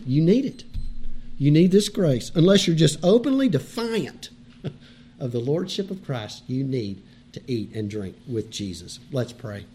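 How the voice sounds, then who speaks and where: A man preaching as pastor, earnest and exhorting, moving between loud and hushed passages. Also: on the high side, very animated, normal speed, breathy edge. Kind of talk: sermon.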